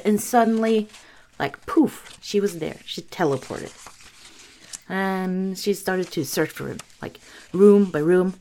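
Slow, rambling young woman storyteller. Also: mid-range voice, warm tone. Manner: rambling and sarcastic, full of fillers. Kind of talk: casual bedtime story retelling.

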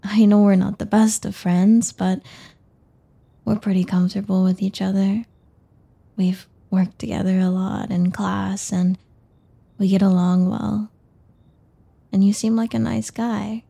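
A woman's voice: medium pitch, vocal fry, dark tone, breathy edge. A woman playing a nervous, stumbling young woman. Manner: stumbling, hesitant, with many restarts. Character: shy, nervous young woman, awkward and self-doubting. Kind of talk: audio role-play.

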